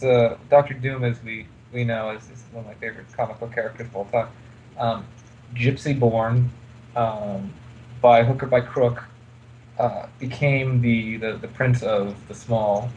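A man's voice: mid-range voice, slight background noise, poor audio. Rambling man chatting about comics. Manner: rambling, full of fillers and restarts. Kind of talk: casual chat about comics.

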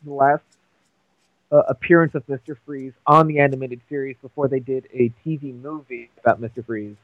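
A man chatting casually, telling stories in an animated way with halting restarts. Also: mid-range voice, no room sound, narrow, tinny audio. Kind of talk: casual chat.

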